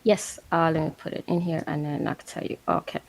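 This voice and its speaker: A woman's voice: deep voice, fairly even intonation, fairly quick, gravelly. A woman taking part in an online study group, speaking hesitantly over a video call and laughing at her own attempts. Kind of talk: casual online discussion.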